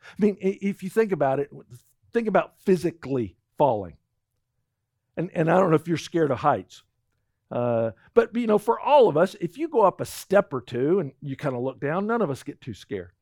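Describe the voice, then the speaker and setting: A man's voice: on the high side, moderate pace, dry recording, studio quality. A middle-aged male pastor telling a personal story in a sermon, acting out the lines of the people in it. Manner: animated storytelling, acts out quotes.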